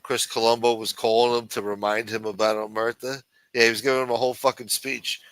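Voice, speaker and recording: Profane, bright-voiced stream host. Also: male voice, mid-range voice, brisk, hardly any pauses, smooth, no echo, rough recording. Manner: profane, animated and chatty with chat. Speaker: livestream host. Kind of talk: casual live-stream talk.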